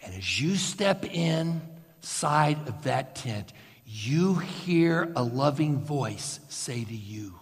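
A man preaching a sermon as a slow, guided story, swinging from loud bursts to hushed near-whispers. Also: mid-range voice, lively intonation, big-room sound. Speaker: pastor.

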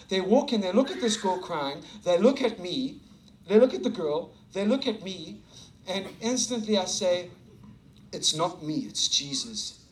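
A young man with a fairly high voice tells a sermon story. He is animated, acts out the lines of the people in his story, and laughs often as he goes. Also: rough recording. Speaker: preacher.

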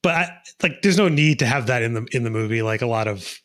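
A man's voice: mid-range voice, lively intonation, fast, fairly bright tone. Rambling man in a casual movie chat. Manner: rambling, hedging with many fillers. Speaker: podcast co-host.

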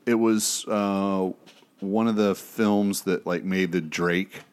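A low-voiced man hosts a casual podcast, posing questions to his co-hosts. He talks in a relaxed way, often restarting his sentences as he goes. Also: slow pace, smooth. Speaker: podcast host.

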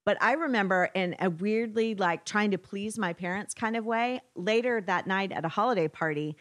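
A woman's voice: mid-range voice, normal speed, no room sound. A woman appearing as a guest political commentator on a podcast, telling stories and laughing often. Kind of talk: casual storytelling chat.

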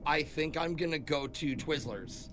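A man co-hosting a radio show, excitable and chatty in casual studio banter. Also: fairly high pitch, a little slow. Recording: loud music underneath.

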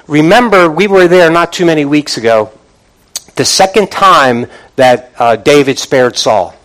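A man's voice: on the high side, animated, measured pace, fairly bright tone, low-quality recording. Man preaching a conversational sermon. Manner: conversational retelling with frequent restarts; asks the congregation for responses. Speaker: pastor.

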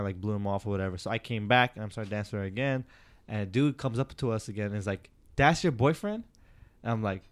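A man's voice: lowish voice, clear, resonant tone. A man co-hosting a podcast, chatting casually and animatedly, acting out voices as he tells a story. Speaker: podcast co-host. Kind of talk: casual chat.

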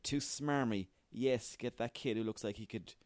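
A man's voice: mid-range voice, moderate pace, dry recording, lightly acted. A man doing a curt, dismissive talent picker. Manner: curt, snappy rejections.

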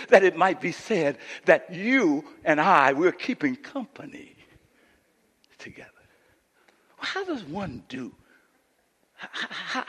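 A man preaching a sermon as pastor, animated and sometimes rising to near shouts. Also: on the high side, breathy edge. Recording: long church-hall reverb.

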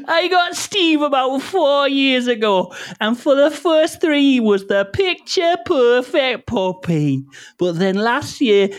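A frazzled dog owner lady squeals her worries in a thin, very high voice that leaps about, as a man puts her on. The accent is put on and wobbly, and laughter keeps creeping into it. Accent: put-on regional accent, freshly practiced. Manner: shrill, giggly, breaks into laughter.

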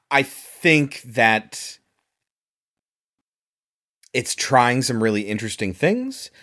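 Male podcast co-host, lowish voice, analytical and easygoing film critic. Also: a bit bright. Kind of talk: casual critical chat.

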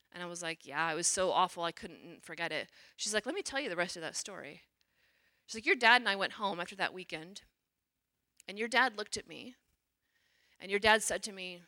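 Bright-voiced religious sister telling her story. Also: mid-range voice. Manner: animated storyteller, acts out quotes. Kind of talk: personal testimony talk.

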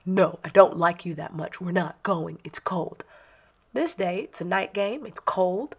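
Woman, 30s, parent, animated storyteller, low voice with some fry. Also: measured pace. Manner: animated, chatty, self-mocking. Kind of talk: personal storytelling monologue.

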